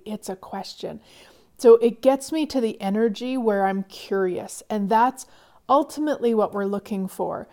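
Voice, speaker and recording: A middle-aged woman coaching listeners about money, soft-spoken, sighing often and dropping to whispers. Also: fairly high pitch. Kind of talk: motivational talk.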